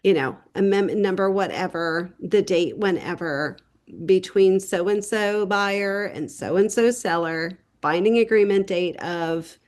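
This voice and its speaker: A woman real estate agent gives a casual tip to other agents. She talks in a chatty, storytelling way and slips into quick voices for the people in her story. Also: mid-range voice, a little mellow. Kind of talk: casual how-to tip video.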